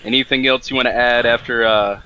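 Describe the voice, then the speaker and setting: A man's voice: mid-range voice, fairly even intonation, fairly quick, clean tone, muffled recording. A man hosting a show and interviewing a guest, easygoing, with hesitant fillers.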